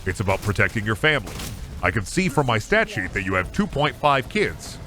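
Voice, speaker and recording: Slick telemarketer pitching warranties, put on by a man; lowered, smooth voice with bright edge. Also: very animated, a little fast. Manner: slick sales patter. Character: smooth deep-voiced male car-warranty salesman.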